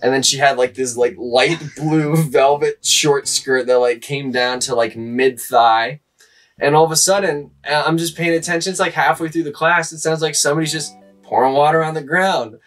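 A young man co-hosting a podcast, with a voice pitched a little high. He tells stories with animation and laughs often. He sits a bit off the mic, with faint music behind him. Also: steady tone, moderate pace, a bit bright, distant mic. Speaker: podcast co-host. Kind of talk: casual podcast chat.

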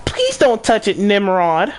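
A man's voice: sits high, huge pitch swings, unhurried. Swearing young man gaming. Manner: loud, swearing, teasing. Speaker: player. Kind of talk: casual game chat.

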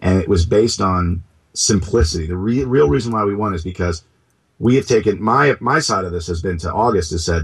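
A man talking as a startup co-founder in an interview. He is animated and keeps restarting his sentences, and he throws in comic asides. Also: lowish voice, fairly quick, slightly rough. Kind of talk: casual interview talk.

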